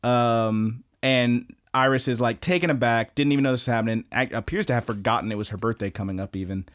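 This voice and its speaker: A man's voice: medium pitch, quick pace. A young man co-hosting a podcast, recapping episodes in casual, profane chat with lots of fillers. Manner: profane, rambling with many fillers. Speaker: podcast co-host.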